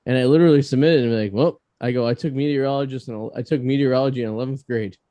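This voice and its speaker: Hosting a casual podcast interview, a Boston-accented man talks very fast in a warm, mid-range voice, recorded dry. His banter is joking and self-mocking.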